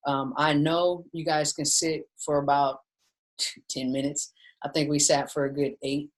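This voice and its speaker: A woman leads a mindfulness lesson from home over a video call. Her delivery is relaxed and conversational, and she keeps turning to her listeners as "you guys". She sounds like a friendly teacher explaining things plainly. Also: sits low, a little slow, poor audio. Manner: casual and chatty, often says "you guys". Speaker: mindfulness instructor. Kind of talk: casual teaching in a webinar. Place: at home with her dog nearby. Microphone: video call setup.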